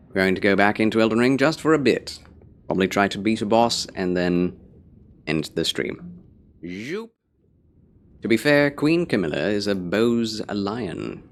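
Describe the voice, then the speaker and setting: A man's voice: deep voice, slight background noise. A man live-streaming a game, chatting casually and theatrically with his viewers.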